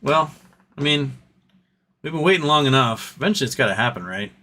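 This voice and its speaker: A man's voice: medium pitch, lively intonation, a little fast, pushed and bright, slight background noise. A man hosting a casual livestream, reading chat messages aloud and answering them in an earnest, rambling way with frequent restarts.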